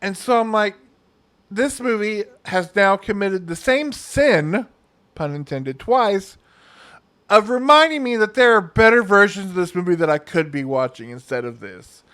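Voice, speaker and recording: A man's voice: high voice, lively intonation, unhurried, bright, forceful tone. A young man hosting a casual movie review, rambling and sarcastic, with many fillers.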